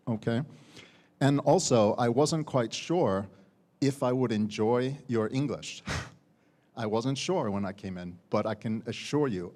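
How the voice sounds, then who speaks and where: A man's voice: mid-range voice, a little mellow. An American man, a university teacher, giving spoken feedback to student contestants. He keeps checking with "okay?" and repeats words as he goes. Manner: ends phrases with a checking "okay?", repeats words while speaking. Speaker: competition judge, university teacher. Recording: long hall reverb.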